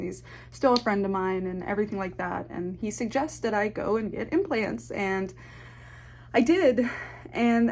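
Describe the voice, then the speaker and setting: A young woman telling a personal story to camera, candid and halting, swearing often and holding back tears. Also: medium pitch, darkish tone, a little hiss or hum. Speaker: ASMR channel host. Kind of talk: emotional personal confession to camera.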